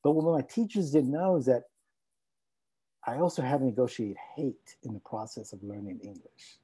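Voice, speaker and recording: Husky-voiced man telling a heartfelt story. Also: mid-range voice, normal speed, dark tone, rough recording. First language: Spanish. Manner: reflective, heartfelt, mixing in Spanish phrases. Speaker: scholar and speaker. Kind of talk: personal storytelling talk.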